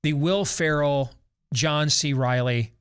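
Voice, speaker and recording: A man's voice: fairly high pitch, slow pace, smooth. A man in his forties hosting a talk show, ranting sarcastically and theatrically in opinionated commentary. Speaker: host.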